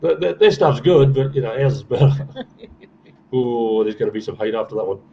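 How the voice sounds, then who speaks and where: A man's voice: mid-range voice, fairly quick, mellow. Older australian guy joking around on a livestream, dull lo-fi sound, faint hiss. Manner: joking, blokey banter. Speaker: guest on a livestream. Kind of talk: casual chat.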